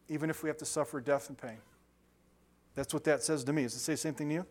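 A man's voice: a little high, fast talker, long pauses. Chatty joking preacher, a man. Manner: conversational, joking, chuckles often, asks the congregation questions. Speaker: pastor. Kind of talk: sermon. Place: church sanctuary.

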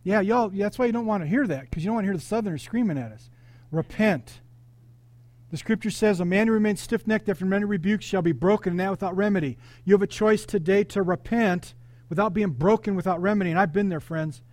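High-voiced man preaching to a congregation. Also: fast, no echo. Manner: animated, interactive preaching with congregation call-outs. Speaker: pastor. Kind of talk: sermon.

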